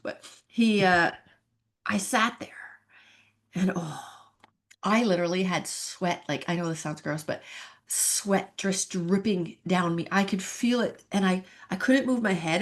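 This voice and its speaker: A woman in her fifties speaks as a podcast guest, telling her own story. Her voice is mid-pitched. She is earnest and openly emotional, and she laughs at herself now and then. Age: 50s. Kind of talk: emotional personal testimony.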